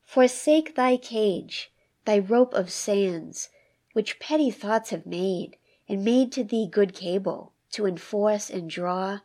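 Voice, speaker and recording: A woman's voice: mid-range voice, takes it slowly, mellow. A woman co-hosting a discussion of poetry, enthusiastic about the verse and reading it aloud with feeling.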